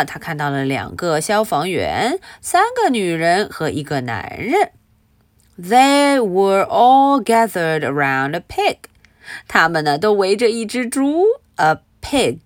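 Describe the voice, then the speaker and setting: Expressive woman reading a storybook aloud. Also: medium pitch, dry recording, studio quality. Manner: expressive, asks listeners questions. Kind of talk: bilingual storybook lesson, reading and explaining.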